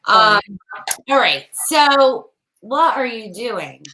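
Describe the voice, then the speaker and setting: A woman's voice: fairly high pitch, very animated, extremely slow, bright, forceful tone, a little hiss or hum, rough recording. A woman co-hosting a casual chat show, easygoing and teasing. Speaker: podcast co-host.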